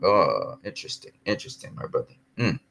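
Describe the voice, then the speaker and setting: With a bass voice that's gravelly, husky and fairly bright, a man talks a little fast and swings widely in pitch. Hosting a live stream, he's casual and heated, repeats himself, addresses viewers directly, and reads and replies to their chat.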